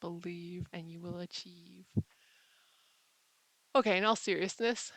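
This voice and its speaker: A woman's voice: lowish voice, steady tone, a little slow, a bit bright, no room sound, rough recording. A woman host musing in a casual monologue, playful and rambling, with mock drama. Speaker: channel host.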